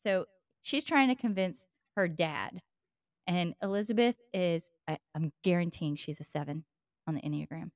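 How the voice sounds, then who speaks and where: A woman's voice: fairly low pitch, moderate pace, darkish tone, no echo, studio quality. A woman podcast co-host and life coach, talking in a reflective, coaching way and laughing easily. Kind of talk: casual podcast chat.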